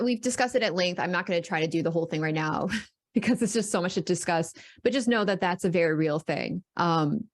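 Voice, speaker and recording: Animated woman talking to chat. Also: on the low side. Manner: animated, repeats words while building up. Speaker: podcast co-host. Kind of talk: casual chat with stream chat.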